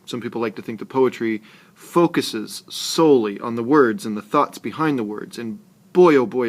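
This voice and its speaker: A man teaching a lesson on poetry rhythm, talking slowly and deliberately and stressing his syllables. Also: medium pitch. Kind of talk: screencast lesson narration.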